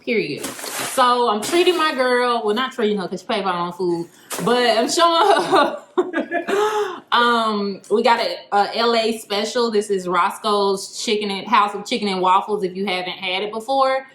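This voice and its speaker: A woman's voice: medium pitch, moderate pace, a bit bright. Slangy young woman hosting, roomy sound. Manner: slangy, laughing, talking while eating. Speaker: host. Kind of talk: casual chat over a meal. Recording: roomy home recording with faint noise.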